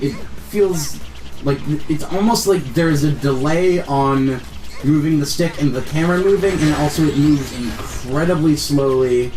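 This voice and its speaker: Young male streamer, apologetic and self-mocking, mid-pitched, slightly distant mic with faint music behind. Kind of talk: live game stream commentary.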